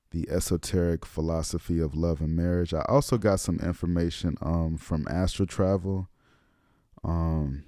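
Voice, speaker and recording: A man's voice: low voice, warm tone, dry recording, clean studio sound. A man giving a casual spoken lecture as a channel host, in loose, slangy, profane talk full of ums and restarts. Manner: slows down to read passages aloud.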